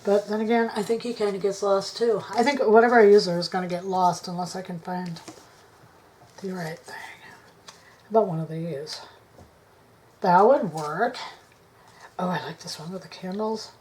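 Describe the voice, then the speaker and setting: Lady crafting at her table talking to herself, mid-pitch, unsure what goes where, some quiet mumbles. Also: moderate pace, a little hiss or hum. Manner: musing to herself, indecisive, soft mutters. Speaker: craft vlogger. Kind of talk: casual crafting chat to camera. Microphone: camera on tripod.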